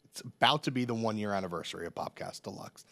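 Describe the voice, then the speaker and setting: A man's voice: lowish voice, quick pace, gravelly, pushed and bright, dry recording. A man co-hosting a culture podcast, chatting casually with wry, joking asides. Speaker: podcast co-host. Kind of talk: casual chat.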